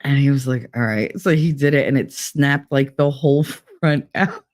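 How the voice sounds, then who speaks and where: A woman's voice: rumbling low, moderate pace, darkish tone. A middle-aged woman chatting casually on a live stream, rambling with laughs and fillers from a room with bare walls. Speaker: live streamer reading chat. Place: sparsely furnished room with bare walls and no curtains.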